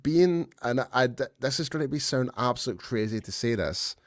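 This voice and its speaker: A man chats loosely on a sports podcast and pokes fun at his own slips. His voice sits at an ordinary middle pitch. The sound is close and dry. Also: animated, normal speed, dry recording. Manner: chatty, loose, self-deprecating. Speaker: podcast co-host. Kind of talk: casual sports chat.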